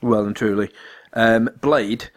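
A man's voice: on the low side, fairly even intonation, slow. A man co-hosting a podcast, telling anecdotes in casual chat and laughing along. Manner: laughs while telling stories. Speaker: podcast co-host.

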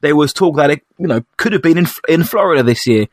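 A young man co-hosting a casual podcast chat, excitable and chatty, calling his friend "mate". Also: on the high side, fast, dry recording, clean studio sound. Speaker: podcast co-host.

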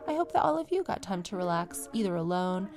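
Chatty woman with a lower voice. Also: a little fast, over music. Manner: chatty, animated, swears casually. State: ill. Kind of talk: casual storytelling chat.

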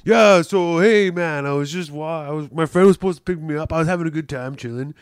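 A man's voice: a little high, fairly quick, smooth, no room sound, clean studio sound, natural voice. A man putting on the voice of a rowdy young man griping through a story about a bad night, rambling and indignant. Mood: aggrieved.

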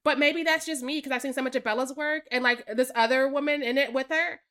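A woman's voice: sits high, quick pace. A woman co-hosting a podcast, chatting casually about a film, laughing often and quoting her own reactions. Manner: laughs often, relaxed storytelling with quoted reactions. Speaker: podcast co-host. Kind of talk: casual chat reviewing a film.

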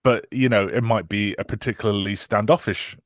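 A man's voice: lowish voice, steady tone, a little fast, dry recording, studio quality. A man hosting a casual podcast chat, joking in a wry way. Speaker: podcast host.

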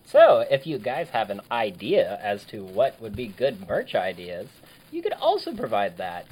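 A woman's voice: a bass voice, wildly swooping pitch, a little slow, darkish tone, breathy edge, low-quality recording. A woman co-hosting a podcast in casual, offhand chat with jokey asides. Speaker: podcast co-host.

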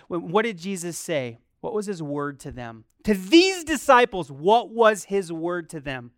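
A preacher delivering a sermon in a lively way, firing rhetorical questions at the congregation. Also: mid-range voice, normal speed, few pauses, no echo, clean studio sound. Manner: acts out quoted complaints in a softer voice.

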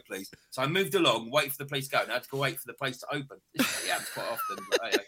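A man's voice: mid-range voice, racing, slightly rough. A man, a mural painter, telling funny work stories in casual chat and acting out the people he quotes. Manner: animated, acts out the people he quotes. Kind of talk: casual storytelling.

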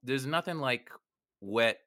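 A man's voice: mid-range voice, lively intonation, slow, sharp tone. A man in a casual film chat, joking around, swearing freely and laughing often. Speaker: podcast co-host.

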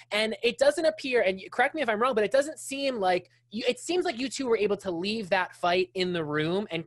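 A woman hosts an interview with gushing enthusiasm, her pitch leaping around as she talks. The sound is dry and close to the mic. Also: dry recording. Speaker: podcast host. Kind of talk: conversational interview.

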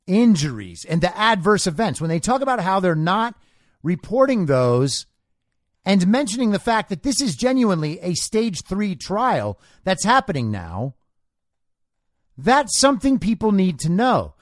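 A man delivers a heated solo commentary, sarcastic and lecturing in tone. His voice sits high and swings up and down a lot, and the recording is dry and close. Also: dry recording. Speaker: podcast host. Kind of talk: political commentary monologue.

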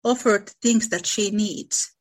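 A woman's voice: medium pitch, a little slow. A woman who reads a classic novel's passages aloud and then discusses them in a casual book chat. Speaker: book club co-host reading aloud.

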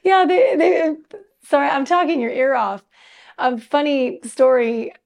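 A woman musician as an interview guest, chatting casually and telling stories in an animated way, laughing often and using many fillers. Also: high voice, unhurried, creaky.

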